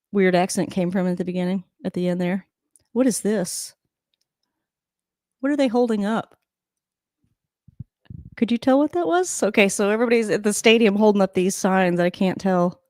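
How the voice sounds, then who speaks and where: A woman's voice: mid-range voice, normal speed, long pauses, darkish tone, no room sound, clean studio sound. A woman hosting a casual live stream at home, chatting and rambling while reacting to a game on TV and laughing often.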